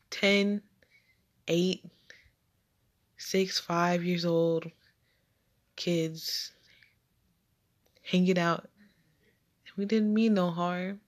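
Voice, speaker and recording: A young woman telling a personal childhood story, halting with repeats and restarts. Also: on the low side, steady tone.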